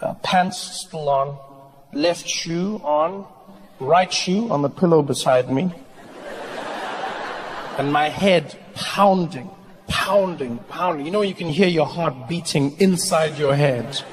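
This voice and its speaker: A man performing a stand-up routine on stage, telling a story with animated delivery and playful impressions. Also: fairly high pitch, slow, noisy background. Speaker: stand-up comedian. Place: comedy stage before a live audience. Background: audience laughter.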